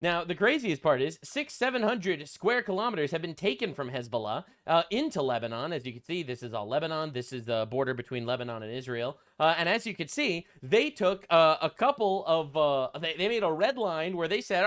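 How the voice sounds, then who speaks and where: A man's voice: a little high, sing-song, moderate pace, bright, forceful tone. A man ranting in a political commentary vlog, profane and sarcastic, getting heated.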